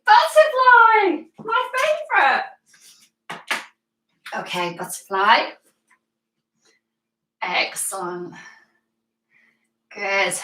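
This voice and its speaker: In a reverberant room, a British woman's high, sharp-toned voice carries from well away from the microphone. She is teaching yoga to children live, offering playful encouragement and step-by-step directions.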